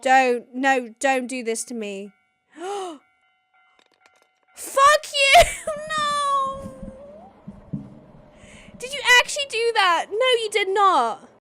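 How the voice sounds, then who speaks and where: Young woman, excitable reaction-video host; high-pitched and very animated delivery, full of gasps, laughs and swearing. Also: a little slow, slight background noise. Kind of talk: casual reaction commentary.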